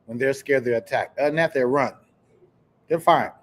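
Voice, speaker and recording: A man from Kansas hosting a live podcast, telling stories in an animated, chatty way and talking straight to his viewers. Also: medium pitch, brisk, a little hiss or hum. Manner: animated storyteller, chatty, addresses viewers directly. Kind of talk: casual live-stream chat.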